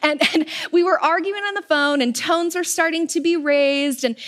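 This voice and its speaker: A young woman preaching a sermon, telling stories in a casual, animated way with everyday slang. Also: sits high, normal speed.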